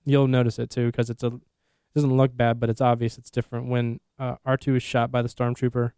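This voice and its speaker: Podcast guy rambling fast and excited, mellow smooth voice, dry close mic. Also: medium pitch, dry recording. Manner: excited, rambling, quick bursts. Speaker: podcast host. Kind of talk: casual chat.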